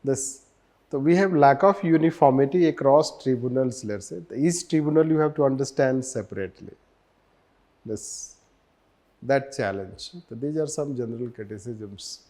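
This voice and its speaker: Indian man lecturing, mellow voice. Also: mid-range voice, normal speed. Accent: Indian English. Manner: repetitive, mixes Hindi with English, wry asides. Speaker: teacher.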